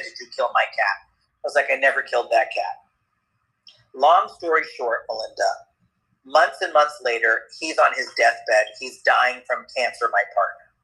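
A man with a very bright, fairly high voice tells a comic story in casual chat. He is animated and quick, and he puts on the voices of the other people in the story. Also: poor audio.

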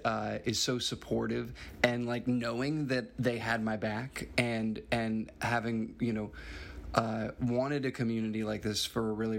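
A man's voice: lowish voice, gravelly, a bit bright. A man, a musician, recalling favorite show memories in a casual, rambling recorded message full of fillers.

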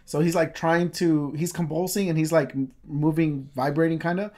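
Man, casual storyteller, slightly high voice, rambling, lots of fillers, swears freely. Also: steady tone, normal speed, darkish tone.

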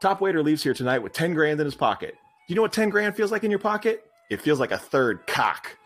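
Man putting on a loud blustering boss, bullying taunts, swoopy voice, faint music behind. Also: on the high side, big pitch swings, a little fast. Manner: bullying, shouty, rhyming taunts. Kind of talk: comedic scene reading.

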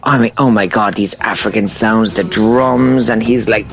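A man's voice: on the low side, fairly even intonation, moderate pace, creaky. A man, a show guest, talking with enthusiasm in a rambling casual chat.

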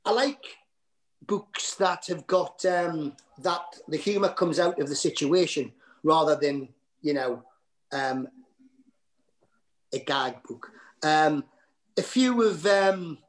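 A man's voice: fairly high pitch, takes it slowly, long pauses, rough recording. A middle-aged man with a Geordie accent, a comedian telling stories in a casual interview, rambling with lots of fillers and restarts. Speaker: comedian guest.

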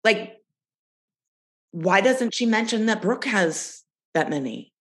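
A woman with a mid-pitched voice talks casually on a podcast. She states her views bluntly. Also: sing-song, slow pace, fairly bright tone. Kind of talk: casual chat.

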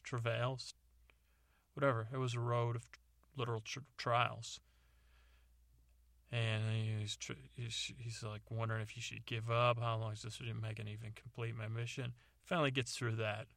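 A man's voice: medium pitch, vocal fry, fairly bright tone, no echo, studio quality. A man casually narrating a bedtime story, rambling and correcting himself as he goes. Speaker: podcast storyteller.

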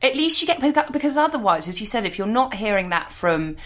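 A woman co-hosting a podcast, asking a guest questions in an agreeable, measured way. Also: on the high side, very animated, fairly bright tone. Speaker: podcast co-host. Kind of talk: interview questions.

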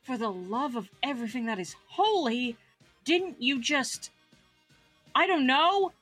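A woman's voice: fairly high pitch, lively intonation, normal speed, pushed and bright, faint music behind. Orion, a woman playing a fed-up adventurer. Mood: exasperated. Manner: exasperated, pleading. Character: weary, exasperated male adventurer Orion.

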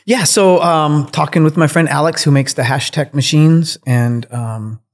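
A man's voice: on the high side, measured pace. A man speaking as a podcast guest, telling his story in a candid, reflective way with casual swearing. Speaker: guest, cannabis breeder.

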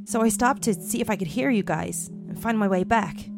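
A woman's voice: medium pitch, fairly quick, gravelly, over music, pitched above the performer's own voice, natural voice. Woman voicing a shaken American young man. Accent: put-on American. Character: shaken young man who fled a monster.

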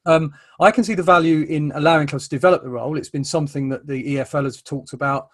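A man's voice: a little high, fairly even intonation, fast talker, fairly bright tone. A man hosting an interview, talking thoughtfully with many ums and stammered restarts. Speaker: interviewer, host. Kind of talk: conversational interview.

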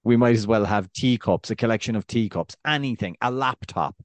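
An Irish man in his thirties, co-hosting a casual podcast chat, animated and rambling with restarts and acted-out anecdotes. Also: fairly low pitch, fairly quick, no echo. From Ireland. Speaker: podcast co-host.

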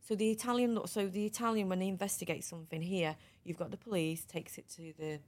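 Her voice on the low side and her pace quick, a middle-aged woman appears as a podcast guest, recounting her life candidly and vividly while often starting her sentences over.

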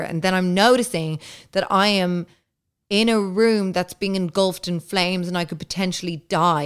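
A woman's voice: on the low side, smooth. A woman hosting a podcast, telling a story in a casual, chatty way, full of filler words and swearing. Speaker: podcast host.

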